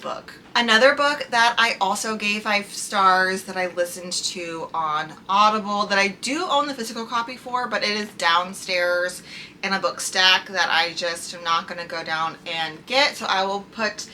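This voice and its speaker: A young American woman with a medium-pitched, sharp-toned voice talks at normal speed, with a little hiss or hum on the recording. As a book reviewer, she gushes casually about books she loved, filling her chatter with "like."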